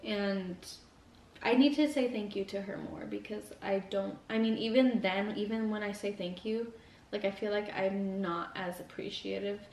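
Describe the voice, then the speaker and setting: A woman's voice: medium pitch, steady tone, normal speed, darkish tone. A young woman vlogging while eating, talking earnestly and rambling with lots of "like". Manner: rambling, heavy use of "like", earnest. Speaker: mukbang vlogger. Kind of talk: casual motivational chat while eating. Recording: echoey room, mic at a distance.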